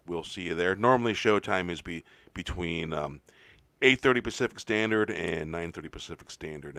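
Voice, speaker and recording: A man with a very deep voice talks casually as a guest, halting often on fillers. The sound is close and dry, with almost no room. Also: vocal fry, fairly bright tone, no room sound. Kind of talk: casual chat.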